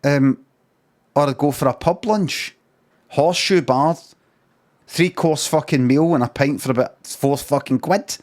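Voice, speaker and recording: A man's voice: fairly high pitch, a little slow, darkish tone. A middle-aged man with a Scottish accent, ranting in a rambling improvised comic monologue full of swearing and repeated phrases. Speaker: live streamer.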